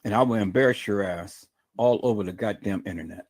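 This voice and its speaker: A man with a fairly low, darkish-toned voice speaks briskly on his own livestream through a streaming mic. He delivers an angry, profane, combative rant riddled with stammering restarts.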